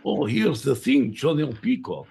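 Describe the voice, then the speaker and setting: A man voicing a gruff, stern Russian man, with a put-on Russian accent and deadpan broken grammar. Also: medium pitch, a little slow, slight background noise.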